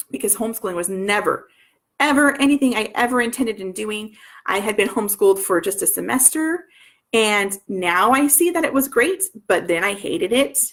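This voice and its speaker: A woman's voice: mid-range voice, a bit bright. A woman in her thirties, a homeschooling mother telling her story in a rambling way, full of restarts and asides. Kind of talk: personal storytelling.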